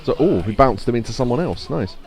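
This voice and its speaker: A man's voice: medium pitch, expressive, fast talker, darkish tone, faint music behind. A man streaming a game, giving casual joking commentary with chuckling asides.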